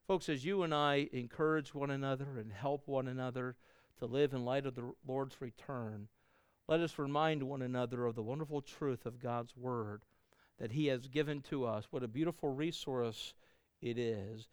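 A middle-aged man preaching a sermon as a pastor, earnest, building up louder and then dropping to soft endings. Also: mid-range voice, normal speed, smooth, no room sound, studio quality.

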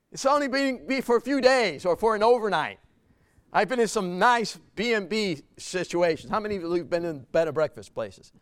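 A man's voice: sits high, animated, moderate pace, no room sound. A man telling a personal story to a live audience in a chatty way, repeating words, laughing and asking the crowd questions.

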